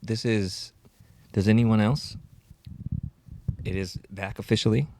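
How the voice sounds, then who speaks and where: Gravelly low-voiced man hosting a podcast. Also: steady tone, slow, noisy background. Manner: rambling, self-mocking, with frequent restarts. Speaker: podcast host. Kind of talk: casual solo podcast chat. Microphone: podcast audio equipment.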